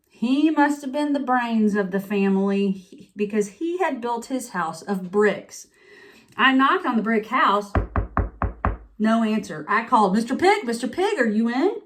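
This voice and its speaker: A woman's voice: a little high, lively intonation, a little slow. Self-pitying wolf telling his own side, as a woman reads it aloud; confiding, storybook read-aloud. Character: sniffly, self-pitying male wolf narrator. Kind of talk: picture-book read-aloud.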